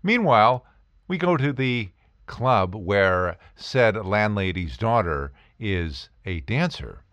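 A man's voice: lowish voice, slow pace, no room sound. A man telling a funny personal story in casual talk, acting out the voices of the people in it. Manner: animated, acts out voices of people in his stories. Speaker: podcast host telling stories.

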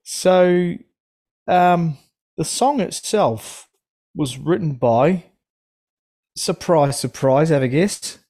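A man's voice: fairly high pitch, expressive, extremely slow, mellow. A man hosting a casual music podcast, rambling and hesitant. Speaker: podcast host. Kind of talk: casual chat.

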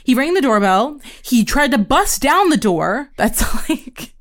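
A young woman from Pennsylvania co-hosting a podcast, telling stories in a profane, animated way. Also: measured pace. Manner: profane, animated storyteller, swings pitch high when quoting. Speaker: podcast co-host. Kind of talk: casual chat, storytelling.

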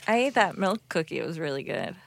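A woman co-host chatting casually on a podcast, quick to laugh and protest. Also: low-pitched, big pitch swings, creaky, a little hiss or hum.

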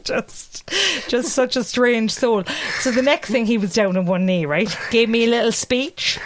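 A woman with an Irish accent, co-hosting a podcast, tells a lively story and often laughs and acts out what people said. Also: on the high side, unhurried, a little hiss or hum. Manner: animated, laughing often, mimics voices in quotes. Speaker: podcast co-host. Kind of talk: casual storytelling chat.

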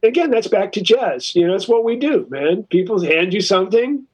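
A man with a fairly high voice tells a story in a relaxed interview, loose and profane, with lots of "you know" and "like". He slips into quick, quoted bits of dialogue as he goes. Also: breathy edge, faint music behind, poor audio. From California. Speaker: guest musician. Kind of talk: casual storytelling.

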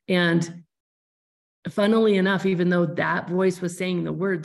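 Gravelly low-voiced woman host, thoughtful. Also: steady tone, a little slow. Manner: thoughtful, searching, many restarts. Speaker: podcast host. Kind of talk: reflective conversational interview.

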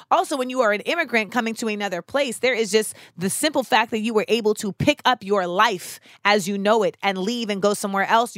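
A woman's voice: medium pitch, fairly bright tone, no echo, clean studio sound. A woman hosting a podcast, talking through her thoughts in an earnest, reflective way with frequent "you know"s. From United States, of West Indian parents. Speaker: podcast host. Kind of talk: reflective casual monologue.

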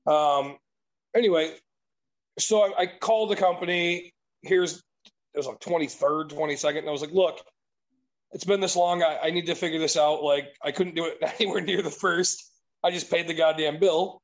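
A man with a high-pitched voice tells a long story in relaxed conversation. He swears freely and sounds exasperated throughout. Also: normal speed, low-quality recording. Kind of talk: casual chat.

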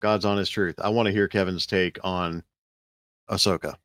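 A man's voice: low voice, fairly even intonation, normal speed, fairly bright tone, no echo, studio quality. A man with a Southern US accent from south Alabama, co-hosting a casual podcast chat, rambling and searching for words with laughs in between. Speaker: podcast co-host.

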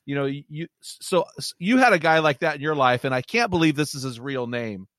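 A man hosting an interview, relaxed and reflective, asking about a guest's story. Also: on the high side, brisk, no room sound, clean studio sound. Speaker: host. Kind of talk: casual interview.

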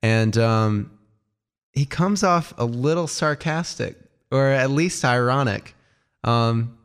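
A man co-hosting a casual album review, enthusiastic but halting, with many ums. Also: mid-range voice, clean tone. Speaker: music review co-host.

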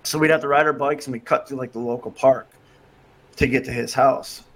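A man's voice: medium pitch, brisk. A man telling a story in casual podcast chat, acting out what people said along the way. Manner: animated storyteller acting out quotes. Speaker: podcast guest.

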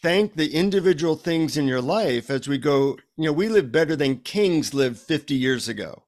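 A middle-aged man, an author, telling a story in an animated conversational way and acting out the dialogue. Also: on the high side, moderate pace. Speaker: author guest.

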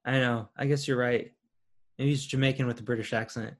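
A man's voice: mid-range voice, fairly even intonation, fairly quick. A man co-hosting a casual film review chat, laid-back with dry quips. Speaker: podcast co-host.

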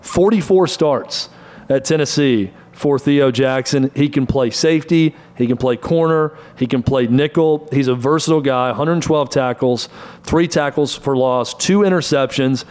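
A man's voice: medium pitch, darkish tone. Brief: male sports talk host, middle-aged, runs through stats in clipped bursts. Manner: brisk, rattles off stats in short bursts. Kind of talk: college football analysis.

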